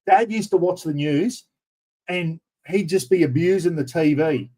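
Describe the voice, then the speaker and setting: A middle-aged Australian man hosting a casual livestream from his computer room. He rambles and calls everyone "mate". His voice sits a little high but has a dark, mellow tone. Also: a little slow, poor audio. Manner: chatty, rambling, frequent "mate". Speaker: livestream host. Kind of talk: casual livestream chat reading viewer comments.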